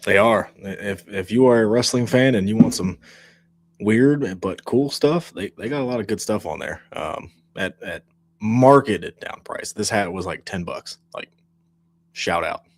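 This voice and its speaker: A man co-hosting a podcast with a congested, stuffed-up voice from allergies. He talks in a slightly low register and keeps the chat jokey and light. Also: expressive, measured pace, darkish tone, no echo. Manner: jokey, playful. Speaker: podcast co-host.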